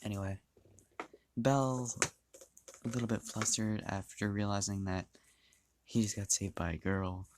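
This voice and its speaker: A man's voice: lowish voice, fairly even intonation, measured pace, pauses often, background noise. A man casually narrating a fan-made story, rambling, restarting lines and swearing freely.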